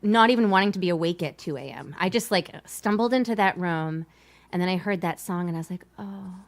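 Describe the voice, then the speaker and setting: A woman's voice: lowish voice, fast talker. A woman hosting a casual video-call chat, telling stories with plenty of laughter. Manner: animated, laughing storyteller. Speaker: host.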